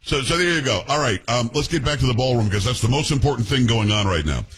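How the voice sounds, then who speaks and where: Animated, fast-talking male talk host. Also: mid-range voice, husky. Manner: animated, joking, puts on mocking voices. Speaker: radio talk show host. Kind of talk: casual banter.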